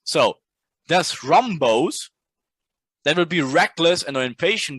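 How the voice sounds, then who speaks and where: A male trading instructor lectures in a casual, blunt way, swearing freely and tagging his points with "right?". His voice sits a little high for a man. The recording is dry and close, with no room sound. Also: lively intonation, slow pace, long pauses, fairly bright tone, breathy edge, no echo. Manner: blunt, profane, keeps asking "right?".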